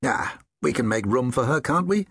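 A man voicing the brisk manager of a home for old horses. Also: mid-range voice, animated, husky, no echo, studio quality, pitched above the performer's own voice.

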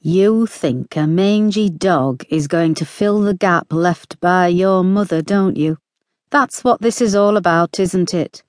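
A woman voicing a gruff, reluctant, widowed older father who talks slowly and drily. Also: on the low side, no room sound, studio quality. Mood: suspicious.

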